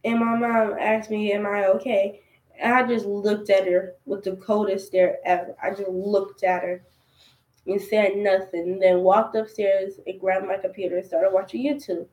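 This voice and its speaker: A woman's voice: mid-range voice, little pitch movement, moderate pace, darkish tone. A young woman in her teens recounting a personal story in a conversational, aggrieved way for a storytime vlog. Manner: aggrieved, conversational retelling with quoted dialogue. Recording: echoey room.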